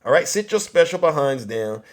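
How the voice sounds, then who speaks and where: Guy running a political livestream, loud and mocking, bit high voice, keeps repeating himself. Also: sing-song, normal speed. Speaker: livestream host.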